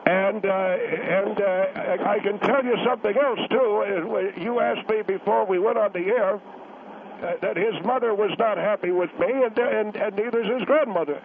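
Man putting on a high-pitched old veteran grandfather, stubborn, halting, defiant, tinny phone line, faint hiss. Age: older. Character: older male war veteran grandfather, stubborn and gruff. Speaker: caller.

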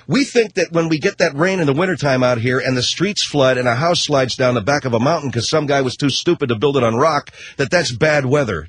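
Husky middle-aged man ranting sarcastically. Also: mid-range voice, animated, brisk, hardly any pauses, no room sound. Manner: rambling, sarcastic, swears casually, self-interrupting. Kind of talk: comedic rant monologue.

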